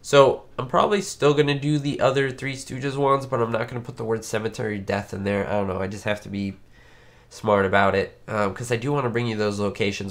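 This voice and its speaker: A man hosting a live-stream chat, his voice nasal and congested from a cold, talking in a chatty, rambling way with many fillers. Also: on the low side. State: sick, congested. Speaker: YouTube host. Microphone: webcam setup.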